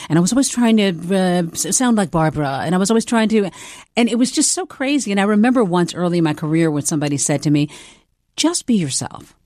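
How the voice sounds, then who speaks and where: A middle-aged woman from the American South, a television journalist, telling lively career stories with a slight Southern accent. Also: fairly low pitch, fast talker, dry recording, studio quality. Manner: animated storyteller with laughs and restarts. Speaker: guest, TV journalist. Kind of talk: conversational storytelling.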